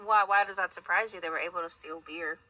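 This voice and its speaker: A woman guesting on a podcast, chatting casually in a lively, slangy way. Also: lowish voice, fast, low-quality recording. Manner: lively, slangy storytelling with quoted voices. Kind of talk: casual chat.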